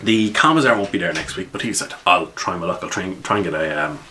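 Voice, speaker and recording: A man's voice: sits low, quick pace, pushed and bright, slight background noise. A man, recapping a tabletop game session as its game master in a rambling, casual way. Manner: rambling, with frequent restarts.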